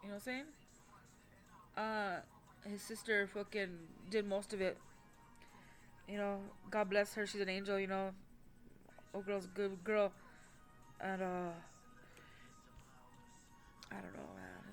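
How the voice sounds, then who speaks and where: A woman telling a personal story in casual, rambling talk, swearing often and restarting her sentences, with soft music behind her. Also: mid-range voice, little pitch movement, a little slow, long pauses. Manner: rambling, profane, with many fillers and restarts.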